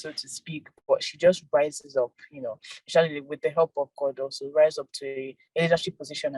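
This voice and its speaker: A young woman, an actress and filmmaker, giving soft-spoken casual interview answers with frequent laughs. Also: low voice, no echo, poor audio. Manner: soft-spoken, laughs often, repeats words.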